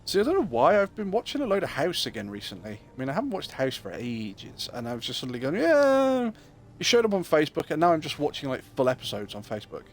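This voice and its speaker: A man's voice: mid-range voice, sing-song, quick pace, few pauses. A young man chatting casually and joking with his viewers while streaming a game. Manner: chatty, joking, talks to chat. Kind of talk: casual gameplay chat.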